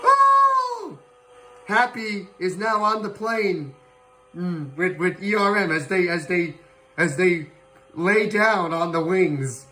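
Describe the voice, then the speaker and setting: High-voiced, slow-talking male streamer. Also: noisy background. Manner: excitable, whooping and chuckling. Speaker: livestream host. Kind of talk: playful live commentary on a flight sim show.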